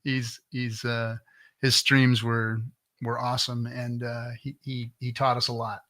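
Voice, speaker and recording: A man's voice: mid-range voice, level tone, unhurried, sharp tone. A middle-aged man hosting a casual livestream, ranting bluntly with lots of swearing and restarts, reading chat comments. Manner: blunt, profane, restarts often.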